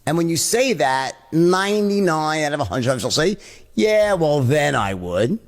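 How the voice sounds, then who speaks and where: A man's voice: a little high, big pitch swings, moderate pace. A man teaching a sales lesson, switching in and out of both sides of a sales call as he explains it. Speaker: sales trainer.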